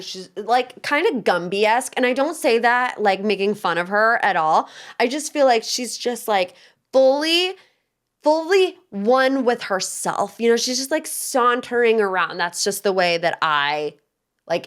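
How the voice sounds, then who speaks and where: A woman's voice: medium pitch, fairly bright tone. A young adult woman hosting a pop culture podcast, giving casual, opinionated commentary in a chatty, sassy way and acting out quotes. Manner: chatty, sassy, acts out quotes in shifted voices.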